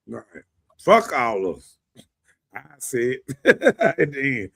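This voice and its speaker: A man, hosting a podcast in casual opinion talk, animated, often asking "you know what I'm saying" and laughing. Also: mid-range voice, takes it slowly, vocal fry, slightly rough. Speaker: podcast host.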